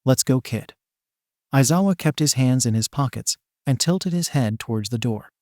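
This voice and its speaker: A man narrates a fan fiction story in an even, unhurried way. His pitch sits in the middle of the range, and the recording is dry and close, with no room sound. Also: no echo.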